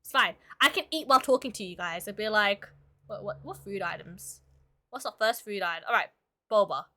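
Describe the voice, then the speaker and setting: A woman's voice: mid-range voice, expressive, a little fast, pushed and bright. Bubbly, sniffly woman streamer chatting. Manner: chatty and giggly, full of filler words. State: sick with a cough. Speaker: streamer and illustrator. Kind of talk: casual livestream chat while drawing.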